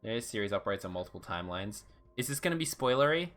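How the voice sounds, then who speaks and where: Bright, animated male streamer, casual self-deprecating gamer chatter, faint music underneath. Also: lowish voice, fast. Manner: self-deprecating and joking, reads the game text aloud. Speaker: let's-play streamer. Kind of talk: casual gameplay commentary.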